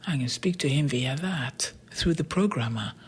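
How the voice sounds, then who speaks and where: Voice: medium pitch, expressive, normal speed, slight background noise, lightly acted. An audiobook narrator voicing a boy genius who explains things in a matter-of-fact way. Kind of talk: storybook character voice.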